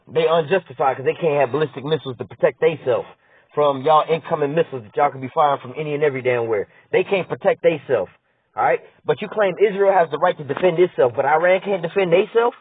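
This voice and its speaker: A man's voice: sits high, husky, dry recording. A man giving a heated, profane political rant. He reads news lines aloud and argues back at them. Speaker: political commentator. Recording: tinny phone-like dry audio.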